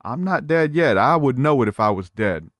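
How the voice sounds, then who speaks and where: A man's voice: mid-range voice, expressive, normal speed, no room sound, pitched above the performer's own voice, natural voice. A man voicing a stubborn old grandfather who refuses to believe he is dead, in a cranky, indignant manner. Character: stubborn old grandpa, insists he's alive.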